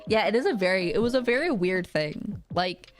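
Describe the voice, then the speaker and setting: A woman's voice: mid-range voice, animated, normal speed, soft background music. A woman streamer telling stories in casual chat, rambling with lots of fillers and frequent laughter.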